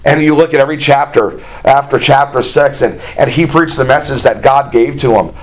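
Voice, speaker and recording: A man preaching a sermon in a folksy, conversational way, with plain asides and imagined dialogue. He reads scripture aloud in a raised, more animated voice. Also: medium pitch, fairly quick.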